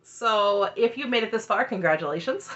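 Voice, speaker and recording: A woman's voice: medium pitch, animated, moderate pace, a bit bright. A woman in her thirties giving a chatty, opinionated recap of a reality show, laughing often as she talks. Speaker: reality TV recap channel host.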